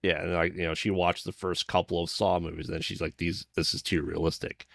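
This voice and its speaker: Low-voiced easygoing podcast host man. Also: little pitch movement, a little fast, creaky, dry recording, studio quality. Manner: easygoing, hesitant restarts, frequent agreement. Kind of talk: casual conversation.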